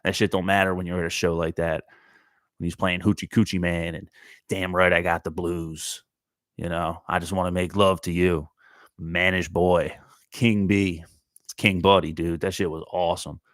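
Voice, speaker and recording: A man with a low, deep voice tells a loose, rambling story with plenty of swearing. The recording is dry and close, with no room sound. His delivery stays laid-back and conversational. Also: flat delivery, moderate pace, a bit bright, dry recording. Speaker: podcast host. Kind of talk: casual storytelling monologue.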